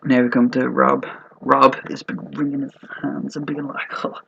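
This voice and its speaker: A man's voice: medium pitch, flat delivery, moderate pace, vocal fry, bright, forceful tone, slightly rough. A man hosting casual fantasy football commentary in a joking, rambling and profane way. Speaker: host of a fantasy football mock draft video. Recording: dull lo-fi recording.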